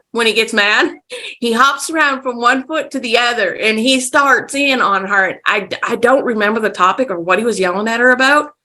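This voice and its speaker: A woman guest on a podcast, vividly telling stories in a casual way. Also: fairly high pitch. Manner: vivid, animated storyteller. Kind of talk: casual storytelling.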